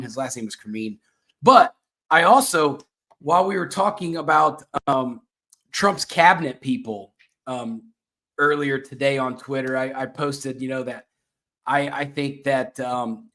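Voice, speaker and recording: A man's voice: medium pitch, bright, forceful tone. A man hosting a casual chat show, rambling and self-mocking with plenty of fillers and restarts. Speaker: show host.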